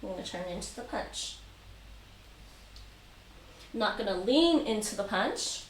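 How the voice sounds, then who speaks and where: A woman with a mid-range voice and lively intonation keeps a measured pace while teaching taekwondo over a live stream from home. She counts reps aloud and patiently goes over the instructions again and again. The audio is echoey and faintly noisy, picked up from a distant mic.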